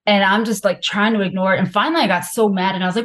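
A woman's voice: mid-range voice, fairly even intonation, rapid-fire, few pauses. A woman physician, a podcast guest, telling her own story candidly and frankly, with many filler words. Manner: frank, confessional, heavy use of filler words.

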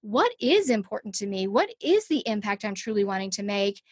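A woman's voice: medium pitch, very animated, a little fast, breathy edge, no echo, studio quality. A middle-aged woman, a podcast guest, telling a personal story in a conversational interview and acting out her own thoughts.

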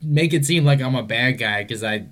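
A man's voice: medium pitch, normal speed, fairly bright tone. A man in casual chat, telling laid-back stories with some swearing. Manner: laid-back storyteller, profane.

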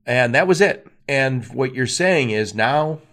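A man hosting a podcast interview, talking in an emphatic, animated way and acting out quoted asides. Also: mid-range voice, unhurried. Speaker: podcast host. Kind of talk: conversational interview.

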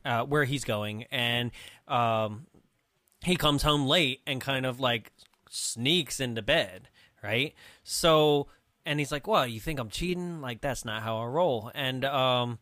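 A man co-hosting a casual comedy podcast, recapping a movie with frequent laughs and quick voiced impressions of characters. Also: mid-range voice, sharp tone, no echo, studio quality. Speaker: podcast co-host.

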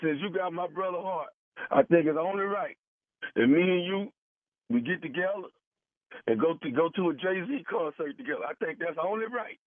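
A man's voice: a little high, lively intonation, moderate pace, no room sound. A man making a prank phone call, posing as a grieving brother, pushy and repeating himself with stammering restarts. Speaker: prank caller. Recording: tinny phone line, dry.

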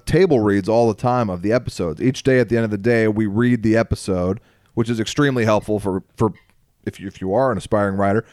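A man's voice: on the low side, darkish tone, no echo, clean studio sound. A man co-hosting a casual comedy podcast, wry and teasing, talking about running a writers' room. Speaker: podcast co-host, TV show runner.

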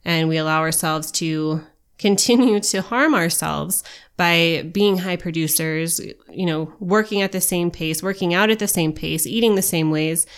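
A woman with a lowish, smooth and resonant voice hosts a reflective podcast. She speaks earnestly to her listeners and encourages them gently, like a coach. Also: normal speed. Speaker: podcast co-host, wellness coach.

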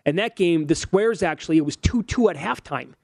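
Brisk and gravelly, this high-leaning voice has lively intonation and no room sound. It belongs to a man in his forties co-hosting a sports betting show, analytically firing off odds and stats in casual conversation.

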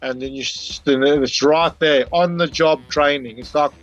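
A man, a podcast guest talking in a relaxed, teacherly way. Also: on the high side, moderate pace, muffled recording, faint music behind. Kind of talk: casual storytelling.

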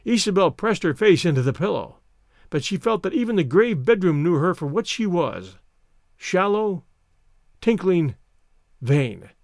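A man reading a literary story aloud with expressive storytelling. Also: high-pitched, a little slow, creaky, no echo, studio quality. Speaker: reader. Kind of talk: scripted narration.

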